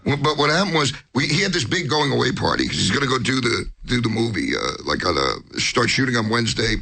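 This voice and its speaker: A man's voice: mid-range voice, fast talker, gravelly, slightly rough. A male comedian telling a rambling backstage story, stammering and restarting, and acting out other people's lines. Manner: animated, acts out others' lines. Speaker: guest comedian. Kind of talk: rambling anecdote.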